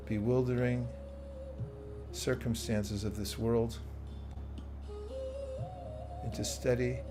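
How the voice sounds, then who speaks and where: A man teaching bhakti yoga, guiding a slow, soothing meditation. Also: mid-range voice, flat delivery. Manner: slow, soothing guidance with playful asides. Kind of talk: guided meditation with live chat. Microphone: streaming setup, own audio controls. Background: soft soothing music.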